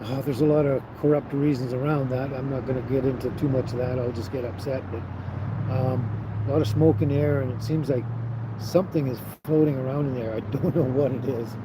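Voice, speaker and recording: A man in a relaxed, easygoing livestream chat, talking at an ordinary mid pitch and chuckling between thoughts. He is recorded outdoors, with clear traffic and street noise behind his voice. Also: a little fast. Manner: easygoing, chuckles often, trails off with fillers. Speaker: livestream host reading viewer chat. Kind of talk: casual live chat.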